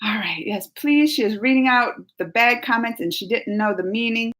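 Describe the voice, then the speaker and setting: A woman's voice: fairly high pitch, moderate pace, fairly bright tone. A woman hosting a casual live stream, chatting and giggling as she reads viewer comments aloud. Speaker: YouTube reaction host.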